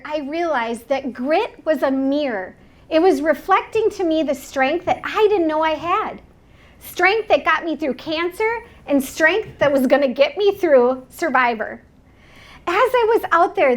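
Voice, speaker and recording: A woman's voice: high-pitched, lively intonation, a little slow. A woman in her forties giving an inspirational keynote talk on stage, telling her story earnestly with self-mocking humor. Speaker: motivational speaker. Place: event stage before an audience.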